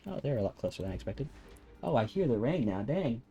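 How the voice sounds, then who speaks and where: Chill, soft-spoken male game streamer with a mellow voice and faint music behind. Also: mid-range voice, sing-song, fast, dull audio. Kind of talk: casual chat while gaming. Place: home room with rain on the ceiling.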